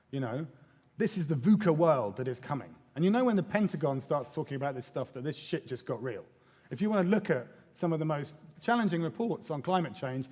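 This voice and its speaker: A man speaks on stage at a conference in a fairly high voice. His delivery is lively and irreverent, with casual swearing and little acted-out quotes. The sound carries a long reverb from a large hall. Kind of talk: live conference talk.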